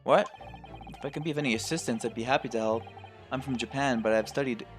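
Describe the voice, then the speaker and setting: A man doing a gentle polite young woman. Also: medium pitch, quick pace, faint music behind, lightly acted.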